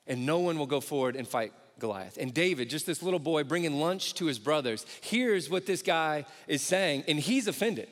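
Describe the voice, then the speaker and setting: Male preacher, lively storytelling, acts out characters, slightly high voice. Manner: drops low and slow for key points. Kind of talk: sermon. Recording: long hall reverb.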